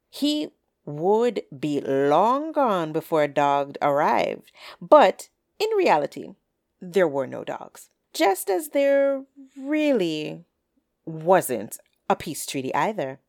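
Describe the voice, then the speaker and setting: Woman, storyteller, expressive, unhurried, lower voice, folktale telling. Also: dry recording, studio quality. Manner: expressive, drawn-out delivery.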